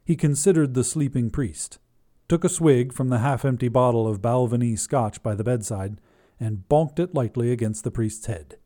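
A man with a mid-range voice hosts a flash fiction podcast, reading the story in even, measured narration.

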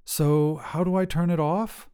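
A man voicing an exasperated nineteen-year-old woman on a phone call, quick to anger and pleading. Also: on the high side, fairly even intonation, dark tone, clean tone, natural voice. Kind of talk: audio drama reading.

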